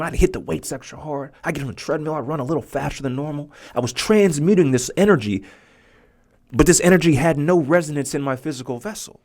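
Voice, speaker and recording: A man in his thirties, a podcast host telling a personal story in an animated way and acting out the voices of others. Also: fairly high pitch, quick pace. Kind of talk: storytelling monologue.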